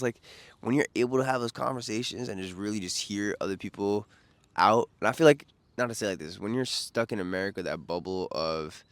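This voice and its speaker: A young man from New York with a New York accent, rambling casually and excitably about a trip, slangy and profane, losing his train of thought. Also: low voice, clean tone, dry recording. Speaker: vlogger.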